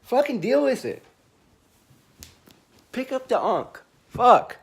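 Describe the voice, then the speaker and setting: A man venting in a rambling, profane monologue to camera from a small room, swinging between loud rants and low mumbling. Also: sing-song, slow, vocal fry.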